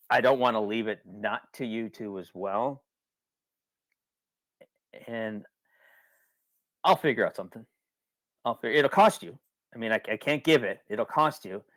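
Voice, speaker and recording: Casting note: rambling, colloquial webinar host, a man with a lowish voice, close and dry on a computer mic. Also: dry recording. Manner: rambling, colloquial, repeats himself when worked up. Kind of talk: casual webinar talk.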